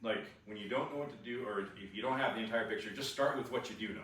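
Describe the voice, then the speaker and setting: A man sharing a personal testimony, animated and restless, full of fillers and restarts. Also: lowish voice, fast talker. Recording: echoey room, far from the mic, faint noise.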